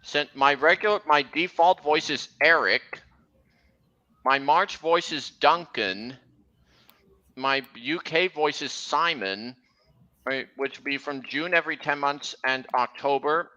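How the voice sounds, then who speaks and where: A male streamer chats casually on a livestream. His voice is bright and sits a little high, and he rambles with halting restarts. The audio is dull and lo-fi. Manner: rambling, halting, corrects himself.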